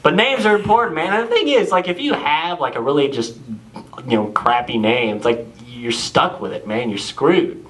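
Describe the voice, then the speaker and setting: A man's voice: fairly high pitch, expressive, normal speed, a bit bright, poor audio. A young man from Tennessee doing a laid-back, sarcastic stand-up set on a club stage. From Tennessee, USA. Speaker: stand-up comedian.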